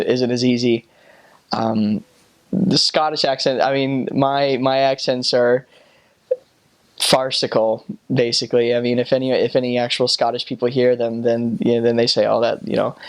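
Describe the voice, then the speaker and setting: An American man recalls his years abroad in a relaxed, storytelling way. He stops and restarts often, filling gaps with ums and you-knows, at an ordinary middle pitch. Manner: halting, with many restarts and fillers. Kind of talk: casual storytelling.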